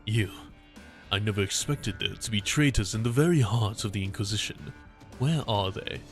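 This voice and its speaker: A man voicing a stern, menacing male inquisitor in a deep gravelly put-on voice while reading a game story aloud with voices. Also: normal speed, faint music behind, close to an everyday voice. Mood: accusing.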